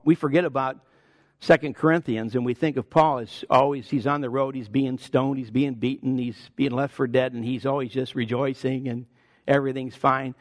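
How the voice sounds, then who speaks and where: Delivering a sermon, this man in his sixties speaks conversationally and adds personal asides, surging in pitch and loudness on key words. The studio-quality recording has no echo.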